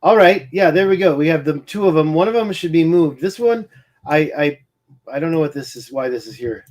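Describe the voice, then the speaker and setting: A man's voice: a little high, expressive, brisk, darkish tone. A man rambling through a screen-share of satellite maps, muttering, restarting his sentences and getting sidetracked by hiccups. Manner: distracted, muttering, self-correcting. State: hiccuping, eye twitching. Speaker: independent researcher presenting maps.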